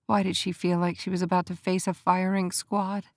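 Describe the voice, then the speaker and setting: A woman narrating a romance audiobook in an even, measured storytelling manner. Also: on the low side, dry recording, clean studio sound.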